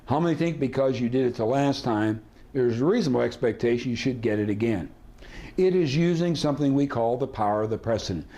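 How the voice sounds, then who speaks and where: A man's voice: medium pitch, expressive, quick pace, dark tone. A man teaching a negotiation seminar, asking his audience rhetorical questions and acting out sample dialogue. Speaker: negotiation trainer.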